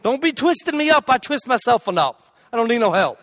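A man preaching a humorous sermon, telling a story in an animated, jokey way with loud shouted asides. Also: extremely high pitch, brisk, no room sound.

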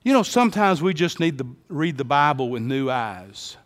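A man preaching a sermon as a pastor, swinging from hushed tones to shouts. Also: a little high, sing-song, normal speed, long reverb tail.

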